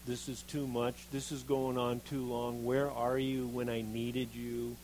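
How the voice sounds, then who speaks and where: A man preaching a sermon, reading scripture and acting out the quoted speakers with lively expression. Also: mid-range voice, a little slow, a little hiss or hum, low-quality recording. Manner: animated, acts out quoted voices of Jeremiah and God.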